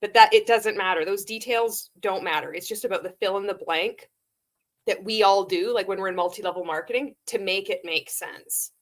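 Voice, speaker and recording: A woman's voice: mid-range voice, normal speed. A woman giving sarcastic reaction commentary on a video clip. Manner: sarcastic, laughing, profane. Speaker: commentary vlogger.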